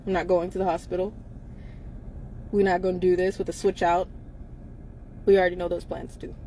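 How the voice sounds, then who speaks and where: A woman's voice: lowish voice, level tone, fairly quick, mellow, slight background noise. A woman co-hosting a casual live-stream chat from inside a car, blunt and emphatic, laughing often between her lines.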